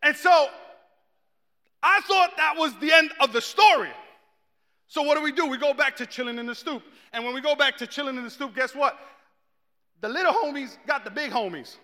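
Male preacher, high and bright, animated storyteller who acts out his quotes; long hall reverb. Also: moderate pace, pauses often. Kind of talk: storytelling sermon.

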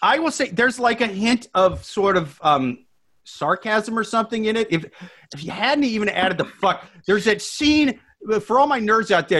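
A man with a high, bright voice spins long, animated comic riffs in casual podcast banter. He rambles, swears freely and keeps the story rolling.

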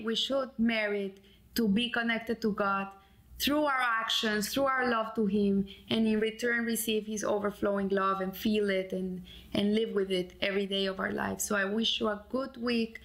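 A woman's voice: mid-range voice, steady tone, a little slow, fairly bright tone, low-quality recording. A woman giving a weekly Torah portion lesson and telling a story in an earnest, heartfelt way. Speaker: Torah teacher.

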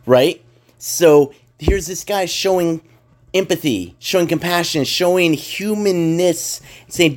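A man's voice: on the high side, a little slow. A man in casual podcast chat, rambling and emphatic, swearing freely as he makes his points.

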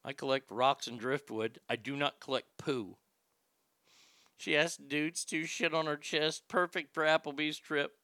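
A man hosting a comedy show, riffing through news commentary in a profane, animated way. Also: a little high, measured pace, clean tone, no room sound, studio quality.

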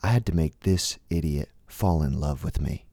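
A man narrating a deadpan comic monologue, dry and matter-of-fact, with sudden high squeals. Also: moderate pace.

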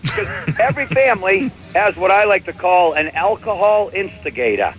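A comedian from New tells sarcastic family stories. He talks in animated bursts and keeps chuckling at his own lines. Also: high-pitched, normal speed, low-quality recording. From New England. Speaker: comedian host. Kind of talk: comedic storytelling.

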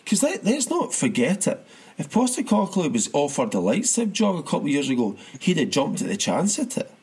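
A man's voice: fairly high pitch, wildly swooping pitch, fairly quick, darkish tone, slightly rough. A man chatting casually about football as a podcast co-host, rambling with many restarts and laughs.

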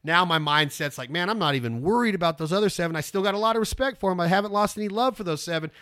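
A man, teaching duck calling in a rambling, folksy way, breaking into loud duck calls. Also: sits high, rapid-fire, clear, resonant tone. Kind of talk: casual instructional talk.

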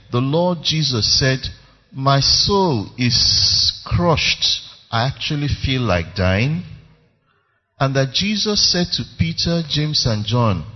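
Emphatic preacher man in a reverberant hall. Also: fairly high pitch. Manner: emphatic, calls for congregation response. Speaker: pastor. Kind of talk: sermon. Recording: reverberant lo-fi church recording.

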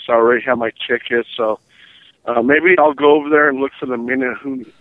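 A man's voice: mid-range voice, fairly even intonation, quick pace, no echo. A man calling in as a guest on a radio show, telling rambling stories with many restarts over the phone. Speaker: guest, paranormal investigator. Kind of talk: casual radio chat. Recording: tinny phone line.

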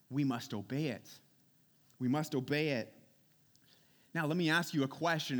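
Earnest high-voiced male preacher. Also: fairly bright tone. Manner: earnest, asks rhetorical questions, repeats words, frequent "okay" and "listen". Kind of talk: conversational sermon.

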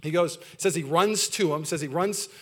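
A man preaching a sermon to his church, talking in an energetic, conversational way with humor, swinging between loud emphasis and quiet intensity. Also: on the high side, normal speed. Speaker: pastor. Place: church service before a congregation.

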